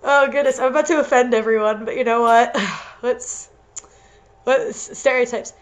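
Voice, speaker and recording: A young woman reads a story aloud for laughs. She keeps breaking off into giggly side comments. Her voice sits a little high. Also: fairly even intonation, a little slow. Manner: giggly, interrupts herself with asides. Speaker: reader and co-host. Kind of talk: comedic dramatic reading with commentary.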